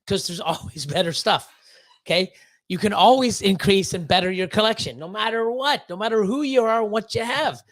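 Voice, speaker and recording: A man's voice: high-pitched, normal speed, fairly bright tone. A man who breeds reptiles, hosting a livestream and ranting at length, blunt and heavily profane, often stumbling over repeated words.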